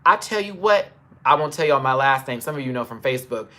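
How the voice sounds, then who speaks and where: A man's voice: mid-range voice, animated, fairly quick, sharp tone. A man telling a story on a live stream into a phone camera, emphatic and swearing as he retells it in detail. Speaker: livestreamer.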